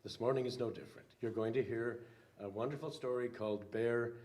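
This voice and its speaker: An older man, a minister, reading a children's story aloud slowly with some hesitant fillers. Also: medium pitch, steady tone, a little mellow.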